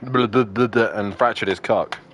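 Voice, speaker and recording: A man's voice: lowish voice, steady tone, moderate pace, slight background noise. A young man streaming a racing game and chatting casually with friends, swearing constantly and ranting in exasperation. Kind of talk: casual gaming chat with friends.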